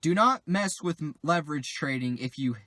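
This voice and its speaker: A man's voice: fairly high pitch, lively intonation, normal speed, pushed and bright, no room sound, clean studio sound. A young man vlogging about crypto trading, telling a personal story in a rambling, confessional way. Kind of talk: casual storytelling vlog.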